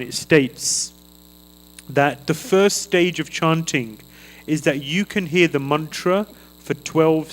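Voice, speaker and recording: A man giving a devotional sermon at a temple feast, slow and earnest, chanting a mantra aloud as he teaches. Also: fairly high pitch, rough recording. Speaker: guest speaker at a temple feast. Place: temple hall.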